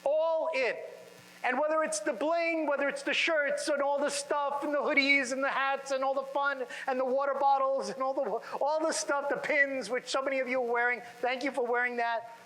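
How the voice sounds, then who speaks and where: Man, high-pitched voice, motivational seminar speaker, rhetorical questions, conference room audience. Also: fairly bright tone, big-room sound, low-quality recording.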